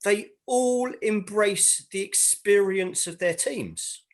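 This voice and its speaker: A man speaking as a panelist, measured and persuasive, drawing contrasts. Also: sits high. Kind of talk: panel discussion.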